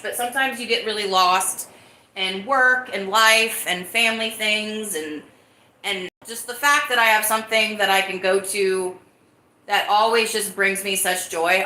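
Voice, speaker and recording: A woman's voice: medium pitch, pushed and bright, roomy sound. A woman hosting her own live-stream podcast, talking casually and greeting viewers in the chat. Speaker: livestream podcast host.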